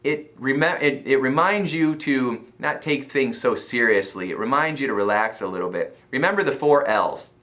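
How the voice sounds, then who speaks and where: A man's voice: mid-range voice, animated, normal speed, hardly any pauses, fairly bright tone. An American man giving an upbeat motivational talk as a self-help coach, laughing often and acting out little voices.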